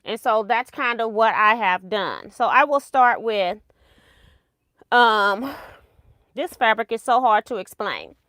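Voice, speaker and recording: Bright-voiced chatty woman quilting host. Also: fairly high pitch, takes it slowly, no room sound, clean studio sound. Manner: chatty, rambling, laughs at her own mistakes. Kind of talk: casual livestream tutorial.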